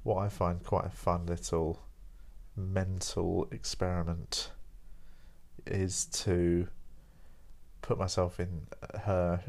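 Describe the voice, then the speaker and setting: A young man talks in a deep, low voice, sounding tired as he rambles through a casual solo chat. His manner is wry and self-mocking, like a podcast host thinking out loud. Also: little pitch movement, takes it slowly, gravelly.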